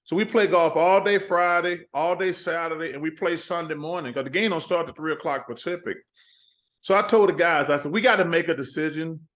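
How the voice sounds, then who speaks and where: A man, a guest telling animated stories in a casual interview. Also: a little high, a little fast. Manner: animated storyteller, quoting himself and others.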